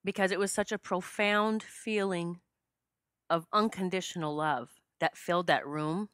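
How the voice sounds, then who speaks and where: Middle-aged woman host, low voice, dry close mic, heartfelt personal storytelling. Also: unhurried, fairly bright tone, no room sound. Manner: heartfelt, gets choked up and emotional. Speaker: podcast host.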